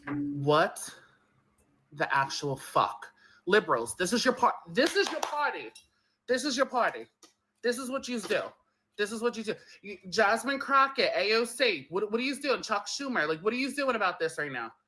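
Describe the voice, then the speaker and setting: A man's voice: high-pitched, very animated, a little fast, pushed and bright, a little hiss or hum, rough recording. A man filming himself on his phone, ranting furiously with heavy swearing and repeated phrases. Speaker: social media poster. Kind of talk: angry rant to a phone camera. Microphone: phone camera.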